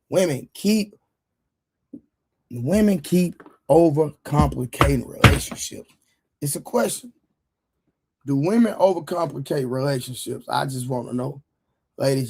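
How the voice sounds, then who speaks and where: A man with a hoarse voice hosting a livestream, chatting loosely with viewers in slangy banter full of repeated fillers. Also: fairly high pitch, darkish tone. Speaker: livestream show host. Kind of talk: casual livestream chat with viewers.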